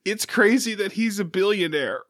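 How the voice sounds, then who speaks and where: A man's voice: high voice, lively intonation, normal speed, fairly bright tone, dry recording, clean studio sound. A man co-hosting a podcast, chatting casually in loose, jokey, profane banter. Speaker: podcast co-host. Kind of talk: casual chat.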